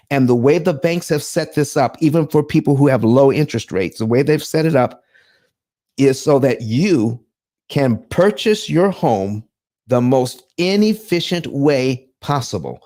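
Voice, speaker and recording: Animated preacher-style man hosting a stream. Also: mid-range voice. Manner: emphatic, preacher-like delivery with dramatic asides. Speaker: host of a live personal finance stream. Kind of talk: live-streamed finance presentation.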